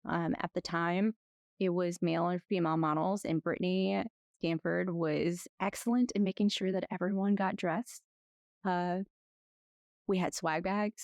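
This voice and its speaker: Woman lawyer chatting as a guest, lots of restarts, kinda low pitched, very dry recording. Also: vocal fry, no echo. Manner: chatty, rambling with restarts, animated retelling. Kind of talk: conversational interview.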